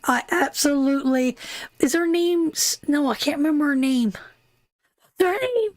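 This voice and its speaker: A woman's voice: high voice, unhurried, dry recording. A woman hosting a live tarot stream, chatting casually and rambling, calling viewers darling and sweetheart. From Canada.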